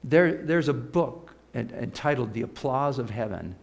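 Male preacher, lively sermon delivery, gravelly tone, swings from loud to hushed. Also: medium pitch, measured pace. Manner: animated, piles up words, drops to a soft hush.

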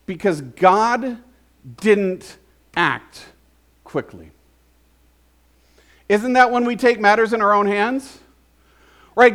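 A man's voice: sits high, unhurried, fairly bright tone. A man preaching a conversational sermon, often asking the congregation questions. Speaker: pastor.

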